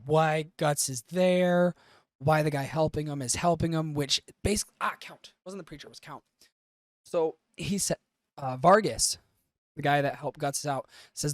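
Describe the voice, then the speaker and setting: Male podcast host, casual and profane recapper, fairly high voice, dry close recording. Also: no room sound. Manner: loose, profane storytelling with frequent fillers. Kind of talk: casual anime review recap.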